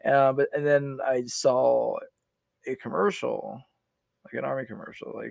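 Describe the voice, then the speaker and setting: Gravelly man telling a rambling story. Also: medium pitch, flat delivery, moderate pace, a little mellow, dry recording. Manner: rambling, many restarts and fillers, swearing. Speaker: podcast guest, army veteran. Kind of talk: casual storytelling interview.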